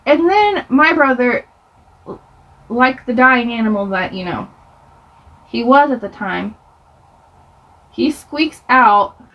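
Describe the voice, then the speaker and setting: Animated young woman telling a rambling story. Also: on the high side, a little slow, long pauses, lo-fi sound. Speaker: beauty vlogger. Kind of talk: get-ready-with-me storytime.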